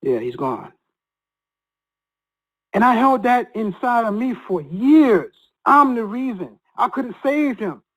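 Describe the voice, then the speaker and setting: A man's voice: very high-pitched, animated, a bit bright, low-quality recording. Earnest man telling a personal story. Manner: earnest, halting, with many repeated restarts. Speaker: guest sharing a personal story.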